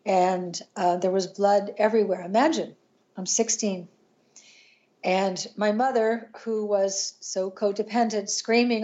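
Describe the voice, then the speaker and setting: An older woman, a podcast guest, tells a painful personal story in an earnest, halting way, with restarts and pauses. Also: medium pitch, fairly even intonation, warm tone, lo-fi sound.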